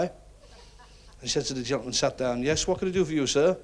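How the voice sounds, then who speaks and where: A man's voice: medium pitch, brisk, pauses often. A man telling stand-up jokes on a club stage in a chatty way, laughing at his own punchlines and acting out the characters. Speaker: stand-up comedian. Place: television comedy club stage.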